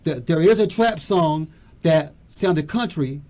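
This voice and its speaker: A man hosting a casual music talk show, speaking in a measured way with frequent stammering restarts. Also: a little high, lively intonation, darkish tone. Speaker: host. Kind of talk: casual radio-style chat.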